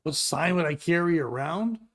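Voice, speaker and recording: A man hosting a comedy podcast, ranting in a loud, exasperated and profane way. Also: fairly high pitch, lively intonation, normal speed. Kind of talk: crude comedic rant.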